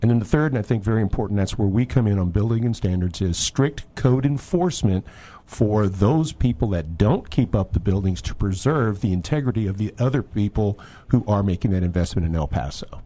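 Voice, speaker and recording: A man's voice: fairly low pitch, lively intonation, fairly quick, warm tone. A man guest on a radio show, explaining in a methodical, point-by-point way. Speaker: guest from city building standards. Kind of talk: radio interview answer.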